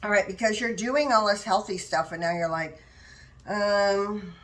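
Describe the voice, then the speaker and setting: A woman's voice: mid-range voice, fairly even intonation, unhurried. An older woman chatting casually to viewers in her kitchen, rambling as she shares plant-based diet tips while making a salad. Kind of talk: casual how-to chat while preparing food.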